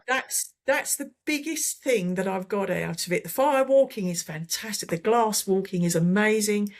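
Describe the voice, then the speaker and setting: A woman's voice: mid-range voice, lively intonation, normal speed, hardly any pauses. A woman, a holistic therapist, talking enthusiastically as an interview guest, often repeating words as she gathers her thoughts. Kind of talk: casual testimonial chat.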